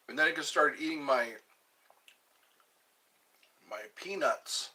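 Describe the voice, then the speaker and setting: A man hosting a casual livestream, chatting slowly and rambling while greeting viewers and answering comments as he eats. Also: fairly high pitch, pushed and bright. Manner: slow, rambling, chatty, restarts words, eating while talking. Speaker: livestream host. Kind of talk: casual live chat reading comments.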